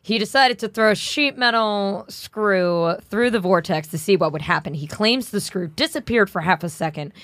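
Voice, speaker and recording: A woman's voice: mid-range voice, moderate pace, hardly any pauses, fairly bright tone, no room sound, studio quality. A woman co-host recounting a strange true-crime story in casual podcast chat, with wry asides.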